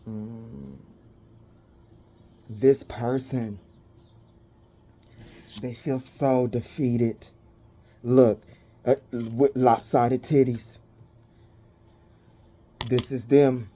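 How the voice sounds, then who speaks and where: A woman giving a spiritual reading to her viewers, dramatic and blunt, swearing freely and pausing to catch her breath. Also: rumbling low, fairly even intonation, mellow, slight background noise. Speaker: spiritual reader.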